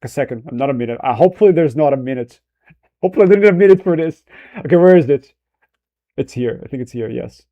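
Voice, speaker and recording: A man's voice: medium pitch, lively intonation, quick pace, lo-fi sound. A man chatting casually on a livestream, rambling, restarting and correcting himself as he goes. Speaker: streamer.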